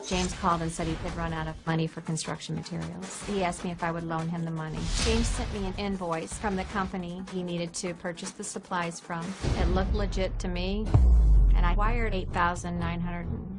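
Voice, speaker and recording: A woman's voice: lowish voice, fairly even intonation, a little fast, music in the background. A woman, a talk show guest, telling her own story in a plain, matter-of-fact way. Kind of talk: recorded personal account.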